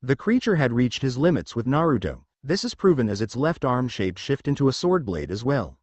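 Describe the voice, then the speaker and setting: A man reading a fan fiction story aloud as narrator, in an even, steady way. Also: mid-range voice, brisk, husky, no echo.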